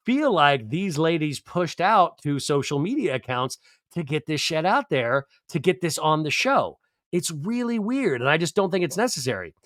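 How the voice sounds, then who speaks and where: A man's voice: a little high, fairly bright tone, no echo, studio quality. A man hosting a podcast, recapping a reality show in a chatty comedic way and mimicking the cast's lines. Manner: chatty, acts out cast members' lines in mocking voices.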